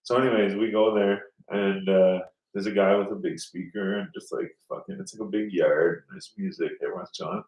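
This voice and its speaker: A man's voice: sits low, steady tone, a little fast, hardly any pauses, a little mellow. A man telling a rambling story in casual podcast chat, swearing often and acting out the people he quotes. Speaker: podcast host. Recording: roomy, mic at a distance.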